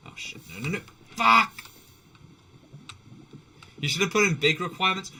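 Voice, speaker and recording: A man's voice: high voice, lively intonation, rapid-fire, sharp tone, slight background noise. A man streaming live while playing a game, chatting in a rambling way with restarts, swearing and laughter. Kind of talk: casual live-stream chat while gaming.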